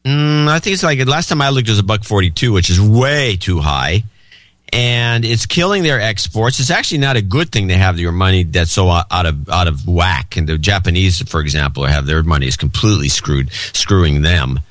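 Low, lively male co-host. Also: moderate pace, no room sound. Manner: thinking aloud, relaxed, explanatory. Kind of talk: casual chat.

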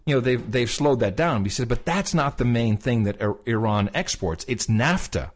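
A man's voice: mid-range voice, a little fast. A man co-hosting a podcast, casually retelling a conversation with lots of fillers, restarts and quoted dialogue. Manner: animated retelling, quoting others, many fillers and restarts. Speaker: podcast co-host.

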